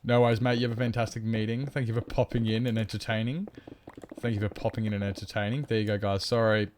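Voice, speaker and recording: A man's voice: fairly low pitch, steady tone, quick pace, noisy background. A man streaming a survival game, chatting casually, reading chat aloud and drifting into mock-grand asides.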